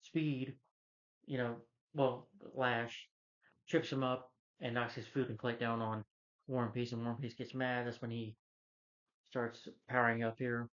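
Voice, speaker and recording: Male film reviewer, casual and rambling, mid-pitched voice on a slightly muffled recording. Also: flat delivery, unhurried, a bit bright. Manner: rambling plot retelling with many fillers and restarts.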